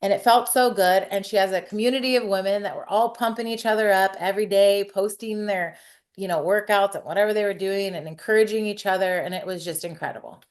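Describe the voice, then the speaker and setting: Woman, 40s, hairstylist guest; candid, chatty storyteller with average pitch and casual swearing. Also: steady tone, fast talker.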